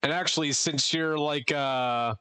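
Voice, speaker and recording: Bright-voiced young man running a tabletop game. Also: on the high side, fairly even intonation, clean tone. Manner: chatty, laughing, halting with fillers. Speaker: dungeon master.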